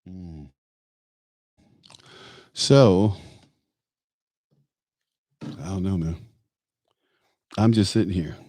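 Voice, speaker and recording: A man's voice: low-pitched, drawn-out words, long pauses, warm tone, no room sound, clean studio sound. A man hosting a talk show, delivering an emphatic, opinionated political monologue that rambles with fillers. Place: Tampa area.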